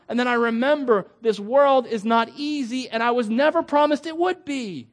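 A middle-aged man preaching a sermon in a conversational, animated way, with asides and laughter. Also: extremely high pitch, fast, few pauses.

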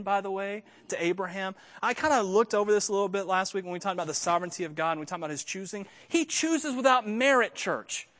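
High-voiced joking male preacher. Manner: animated, joking asides to the congregation. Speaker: pastor. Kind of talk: sermon.

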